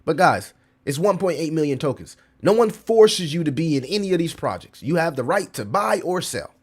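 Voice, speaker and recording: Animated slangy male streamer. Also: on the high side, normal speed, slightly rough. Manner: animated, slangy, swears, reads chat aloud. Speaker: crypto livestream host. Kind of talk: casual livestream chat.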